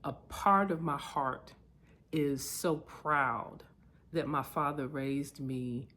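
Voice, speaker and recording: A woman sharing personal memories in a reflective vlog, candid and heartfelt, getting lively as she tells stories. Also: low voice, slow. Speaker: vlogger.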